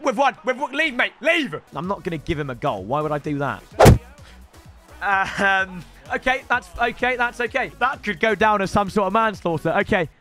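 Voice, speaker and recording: A young man commentating his own football video game matches, excitable and sweary, ribbing his opponents. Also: high voice, moderate pace. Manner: excitable, shouty, sweary banter. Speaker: gaming YouTuber. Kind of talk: live gameplay commentary. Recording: game music behind voice.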